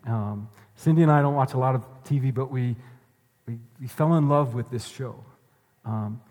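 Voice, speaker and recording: A man delivers a sermon in an earnest, plain voice at a middle pitch and repeats his key lines for weight. His words carry a long reverb, as if spoken in a large hall. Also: darkish tone. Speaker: pastor.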